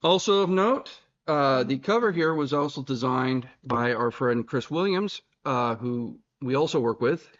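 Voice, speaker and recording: A man's voice: mid-range voice, lively intonation, measured pace, few pauses. A man co-hosting a podcast in casual chat, rambling and teasing, with lots of restarts, on a slightly dull recording. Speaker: podcast co-host. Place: recording room in Boston.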